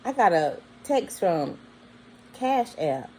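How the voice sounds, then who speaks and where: A vlogger with a mid-range voice slowly and casually relates a long personal story, animatedly impersonating the people in it, with their words bleeped. There's slight background noise and the audio is poor.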